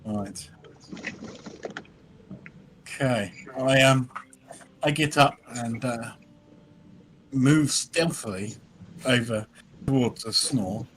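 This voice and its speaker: A man at a middle pitch plays a tabletop game, weighing his moves aloud with ums and pauses. Faint hiss sits under his voice. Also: a bit bright. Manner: hesitant, thinking aloud with ums. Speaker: player.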